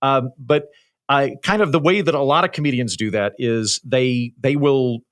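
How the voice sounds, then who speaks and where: A man's voice: mid-range voice, moderate pace. A man in his thirties from Oklahoma with a light Oklahoma accent, telling stories in a casual chat with formal, authoritative diction and wry humor. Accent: light Oklahoma American. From Oklahoma, USA. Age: 30s. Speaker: comedian and podcast guest.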